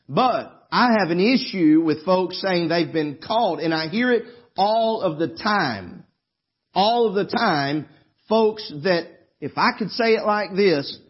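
Husky preacher, folksy and emphatic. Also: male voice, sits high, highs cut off. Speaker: pastor. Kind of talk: sermon. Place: church service.

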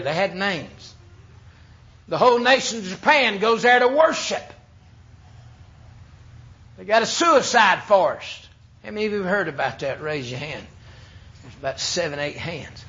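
A preacher in full pulpit mode, his voice a touch high for a man. He swings between booming emphasis and hushed asides. The recording sounds dull and lo-fi. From United States. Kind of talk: sermon.

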